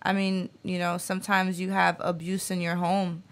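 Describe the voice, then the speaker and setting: A woman's voice: on the low side, little pitch movement, moderate pace. A woman in her late twenties, a guest author and poet, talking earnestly in an interview and reading her spoken-word poetry. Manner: earnest and reflective, frequent fillers.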